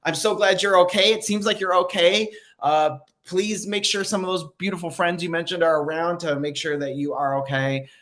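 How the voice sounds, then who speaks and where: A man's voice: sits high, fairly even intonation, normal speed, a bit bright. Guy hosting a spiritual livestream from home, upbeat, lots of ums, reading comments out. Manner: upbeat, reads viewer comments aloud, many fillers. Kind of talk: casual livestream chat.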